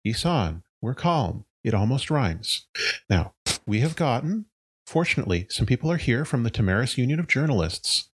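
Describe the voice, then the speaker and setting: A man's voice: mid-range voice, big pitch swings, normal speed, husky, voice pushed up. A man voicing a furry, big-eyed female mayor with a folksy, overly reassuring way of talking.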